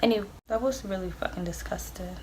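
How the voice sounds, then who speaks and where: Rambling through a profane storytime vlog packed with "like," this young adult woman speaks briskly in a warm, mid-range voice. Slight background noise can be heard.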